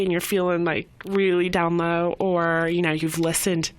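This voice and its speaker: A woman guest on a podcast, telling a story in a casual, animated way and acting out quoted voices, with many fillers and restarts. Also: lowish voice, moderate pace, few pauses. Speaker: program volunteer guest.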